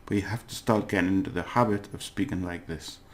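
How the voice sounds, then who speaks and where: A man's voice: deep voice, fairly even intonation, a little fast. A man teaching a casual language lesson, chatty and self-correcting, laughing at his own slips.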